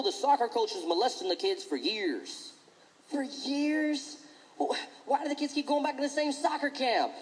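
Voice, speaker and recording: A male stand-up comedian performing a set on stage, talking in an animated way and switching into mocking voices. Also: high voice, poor audio. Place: comedy stage before an audience.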